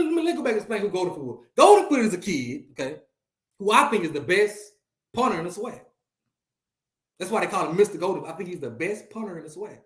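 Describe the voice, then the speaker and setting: A man's voice: high-pitched, roomy sound. A man hosting a casual livestream chat, talking animatedly and repeating himself as he addresses viewers. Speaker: host.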